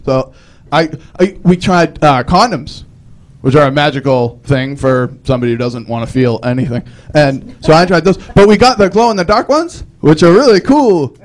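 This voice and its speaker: Onstage at a live set, a young male comic with a fairly high voice keeps a moderate pace. He rambles through self-deprecating stories and restarts himself often.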